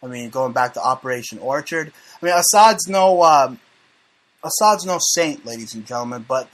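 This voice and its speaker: A man's voice: medium pitch, animated, moderate pace, a bit bright. An American man hosting a casual talk show, speaking in a brash, boastful and profane way. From United States. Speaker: host.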